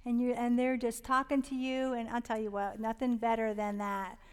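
A woman with a fairly high voice speaks earnestly and warmly about raising children in faith, rambling with fillers and restarts. She now and then sinks to a soft whisper, and her voice trails into a long hall reverb. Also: flat delivery, normal speed, clean tone. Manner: earnest and heartfelt, drops to a whisper on tender points. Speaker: Christian parenting speaker. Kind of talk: casual devotional talk on parenting.

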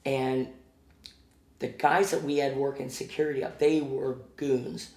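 A man with a Midwestern American accent, a podcast guest telling a backstage story in a casual, animated way and acting out the quotes. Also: mid-range voice, a little slow, roomy sound. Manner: animated anecdote teller who acts out quotes. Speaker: guest, former music venue promoter.

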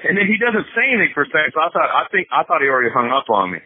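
A man's voice: a little high, big pitch swings, rapid-fire, breathy edge, no room sound. A man telling a long, rambling story in casual podcast chat, swearing often and laughing as he goes. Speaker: podcast co-host. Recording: dry, phone-like narrow sound.

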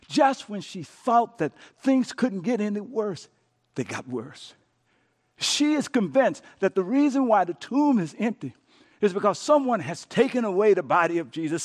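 Man preaching, very high voice, dramatic sermon, hushed then shouting, stammers and restarts. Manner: dramatic, swinging from soft near-whispers to shouted peaks. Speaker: pastor.

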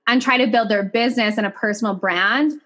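A woman voice coach in a casual podcast chat, talking in a chatty, animated way, swearing freely and acting out quotes. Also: a little high, a little fast.

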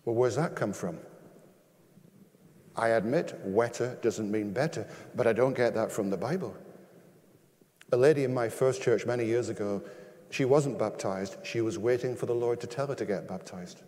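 An older man preaching a sermon as pastor, emphatic, with rhetorical questions and sudden rises in pitch and loudness. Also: normal speed, in a large hall.

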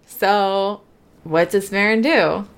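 A woman's voice: mid-range voice, slow pace, clear, resonant tone. A woman playing a tabletop game, describing her character's actions in a casual, thoughtful way. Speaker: player.

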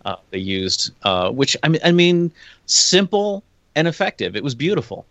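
A man's voice: fairly high pitch, very animated, normal speed, fairly bright tone, no room sound. An American man chatting as a podcast guest, rambling and searching for his words. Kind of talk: casual podcast chat.

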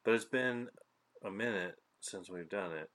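A man's voice: on the low side, measured pace, a bit bright. A man co-hosting a podcast in casual chat, with a dry, teasing manner. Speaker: podcast co-host.

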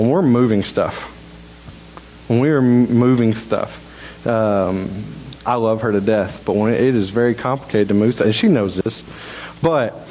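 A man preaching a sermon in a church in a halting, conversational way, full of restarts. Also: medium pitch, a little mellow, slight background noise, rough recording. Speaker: pastor. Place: church sanctuary.

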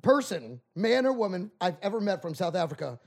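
A man's voice: sits high, sing-song, a little fast, gravelly. A wisecracking man bantering on a casual comedy podcast.

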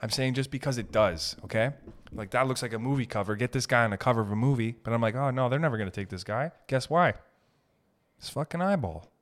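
Young male solo podcast host, mid-pitched voice, loose profane rambling delivery. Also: fast. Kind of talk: solo comedic podcast monologue.

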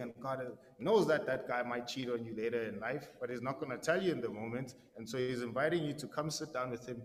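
A man's voice: medium pitch, a little fast, hardly any pauses, in a large hall. A man giving a casual, conversational sermon, slangy and full of "right?" tags and repeated words. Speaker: preacher.

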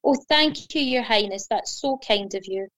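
A woman's voice: a little high, moderate pace, fairly bright tone, dry recording, lightly acted. A woman voicing a flustered, apologetic male elf who worries about being late. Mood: fretful. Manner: fretful, apologetic.

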